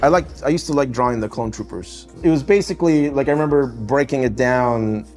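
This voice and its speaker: A man's voice: medium pitch, a little fast, music in the background. A middle-aged man with a Russian accent, an animation director chatting casually in an interview, loose and rambling with lots of "you know" and "right?". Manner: rambling, filler-heavy, often adds "you know" and "right?".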